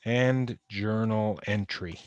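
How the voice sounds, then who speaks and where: Using a computer microphone on a video call from home or an office, a man gives an online chemistry lecture in a slow, clean, lowish voice. The recording is dry and lo-fi, and his conversational delivery repeats key points and stresses warnings.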